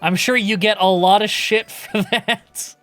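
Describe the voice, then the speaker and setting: A man's voice: high-pitched, a little slow, soft background music. Laid-back man chatting on a game stream. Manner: relaxed and chatty, swears casually, answers chat questions. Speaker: streamer playing a game and reading chat. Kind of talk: casual live-stream chat.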